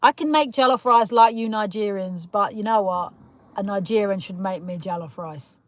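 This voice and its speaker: A woman's voice: mid-range voice, moderate pace, no echo. A woman from Kent, chatting casually with viewers on a live stream, teasing and laughing and calling them darling. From Kent, south of England. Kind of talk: casual live chat reading comments. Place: in a parked car.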